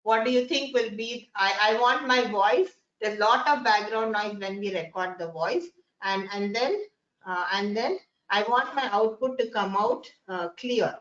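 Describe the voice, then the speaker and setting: A woman's voice: medium pitch, measured pace, a bit bright. A woman giving a classroom lecture, often repeating phrases and putting questions to her students. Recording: echoey, dull lo-fi room sound.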